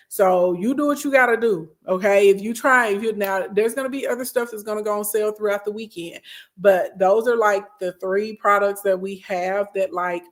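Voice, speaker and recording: A woman talks straight to her followers on a livestream, chatty and blunt. She keeps checking in with "okay?" and scolds them like a big cousin. Her pitch sits in the middle range. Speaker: business coach hosting a livestream. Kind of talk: casual livestream talk to followers.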